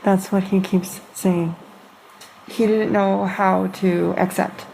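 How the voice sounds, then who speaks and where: A woman medium speaking gently and slowly to a spirit, coaxing it to let go. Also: medium pitch, flat delivery, vocal fry, a little hiss or hum, rough recording. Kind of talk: speaking to a spirit during a house clearing.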